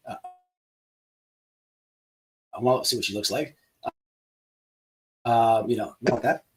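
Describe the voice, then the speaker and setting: A man's voice: medium pitch, a bit bright. A man talking casually as a livestream guest, rambling and mocking people who hide behind avatars. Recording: voice distant from the mic.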